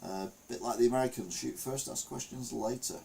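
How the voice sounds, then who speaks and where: An older man hosting a live stream, reading the week's news aloud and adding wry, deadpan asides between frequent ums. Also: mid-range voice, a little fast, creaky, slight background noise, rough recording.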